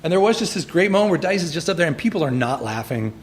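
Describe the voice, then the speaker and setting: A man's voice: a little high, big pitch swings, quick pace. A man guesting on a podcast, telling stories in casual chat, acting out quotes and laughing as he talks. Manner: storytelling, laughing asides, acts out quotes.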